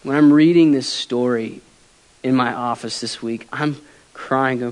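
A man preaching a sermon as pastor, earnest and emotional, swinging from loud emphasis to quiet softness. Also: medium pitch, fairly even intonation, a little slow.

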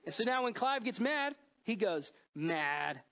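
Pastor, male, thirties, high voice, earnest sermon delivery that drops to a hush at times. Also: expressive, moderate pace. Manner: earnest, emotional, swings between loud and hushed.

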